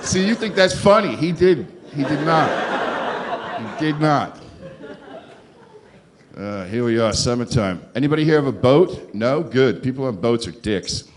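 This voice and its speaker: A man doing a stand-up comedy set on a club stage, sarcastic with deadpan asides and talk to the crowd. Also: mid-range voice, a little slow.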